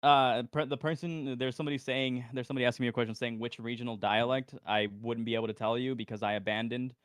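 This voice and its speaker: A man from Mexico whose first language is Spanish, speaking English in casual podcast chat, halting and repeating words as he goes. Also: medium pitch, steady tone, clear, resonant tone, dry recording, studio quality.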